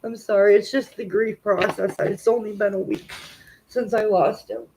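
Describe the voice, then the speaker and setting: A woman's voice: medium pitch, steady tone, normal speed, heavy background noise. A woman tarot reader on a live stream, talking straight to her viewers and tearful with grief. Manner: emotional, talks directly to viewers. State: tearful, grieving.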